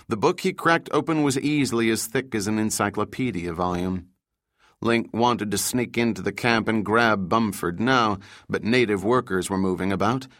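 A man reading a thriller audiobook in steady, measured scripted narration. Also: on the low side, no echo, studio quality.

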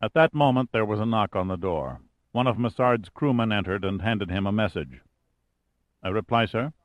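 A man reading a thriller audiobook in steady, measured scripted narration. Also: fairly low pitch, no room sound.

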